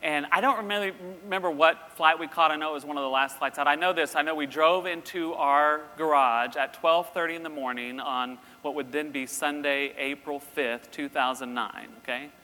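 A middle-aged man telling a lively story in a sermon, acting out voices as he goes. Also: fairly high pitch, moderate pace, hardly any pauses. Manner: animated, acts out voices in his story. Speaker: university president giving a talk. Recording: long reverb in a hall, faint ambience.

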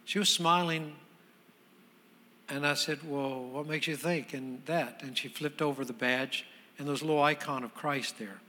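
A man preaching a sermon as a guest pastor, his voice a little high and very bright. He tells his story conversationally, then swells into loud, emphatic preaching. A long church reverb trails each phrase. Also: fairly even intonation, moderate pace.

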